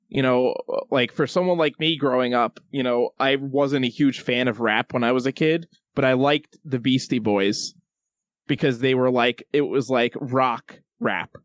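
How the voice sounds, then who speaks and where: A man's voice: medium pitch, dry recording, clean studio sound. A young man co-hosting a podcast, explaining loosely with plenty of fillers. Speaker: podcast co-host. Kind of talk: casual podcast chat.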